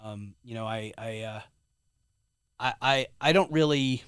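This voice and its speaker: A man who is a guest on a podcast, telling a story casually in a rambling, animated way with many restarts. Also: medium pitch, measured pace, clear, resonant tone, no echo, clean studio sound.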